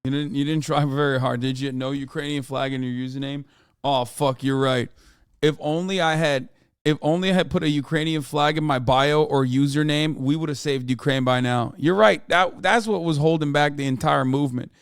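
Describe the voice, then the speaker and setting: Brief: American male streamer, smooth voice in a dry room, sarcastic and profane. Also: a little high, fairly even intonation, moderate pace, no echo. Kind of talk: casual livestream commentary.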